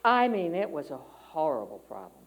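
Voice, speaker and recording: Preaching in a church sanctuary, this middle-aged woman keeps her sermon chatty and personal, often restarting sentences and using fillers. She has a deep, very animated voice and speaks at a moderate pace, captured on a rough recording.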